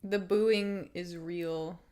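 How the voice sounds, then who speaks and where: A woman hosting a live fight watch-along, chatting excitedly, swearing casually and laughing often. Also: on the low side, extremely slow. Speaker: livestream host.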